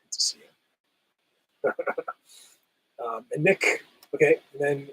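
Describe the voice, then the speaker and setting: A man hosting a casual livestream, reading chat and answering viewers, his voice still rough as he recovers from a cold. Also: a little high, slow, a bit bright, rough recording. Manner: laid-back, chatty, laughs often, says "hell yeah".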